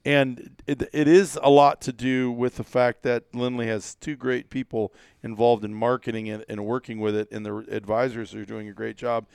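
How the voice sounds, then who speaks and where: A man's voice: medium pitch, normal speed, creaky, hardly any pauses, clean tone, no room sound. A man hosting a casual hunting podcast, telling stories with lots of acted-out dialogue, fillers and restarts. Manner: animated storyteller, acts out dialogue, many fillers and restarts. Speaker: podcast host.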